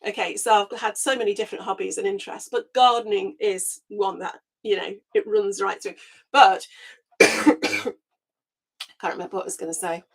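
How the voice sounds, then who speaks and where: A woman hosting a casual live gardening chat through her webcam microphone, chatty and quick to laugh, her voice a little squeaky as it recovers. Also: fairly even intonation, gravelly, slightly rough. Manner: chatty, laughs often, greets viewers by name. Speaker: gardening channel host.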